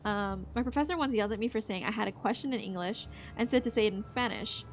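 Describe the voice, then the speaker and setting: Soft music plays as a young woman streams a game, talking fast at a medium pitch. She chats casually while gaming, joking, swearing freely, and laughing often.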